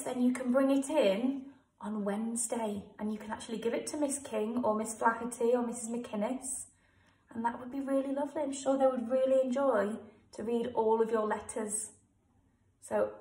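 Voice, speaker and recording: A primary school teacher with an English accent leads young pupils through a writing task. Her voice comes from a distance, caught by a camera set back in a roomy, echoing space. She goes slowly and patiently, sounding out each word. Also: a little high, a little mellow. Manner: slow, sounds words out letter by letter. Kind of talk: home-learning writing lesson for young children. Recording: echoey room, voice from a distance.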